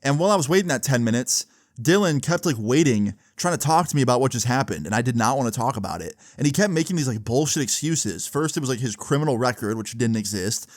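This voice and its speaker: A man in his twenties telling a personal story in an animated, swearing, conversational way. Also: mid-range voice, quick pace, dry recording, studio quality. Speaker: storytime YouTuber. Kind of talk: casual storytelling vlog.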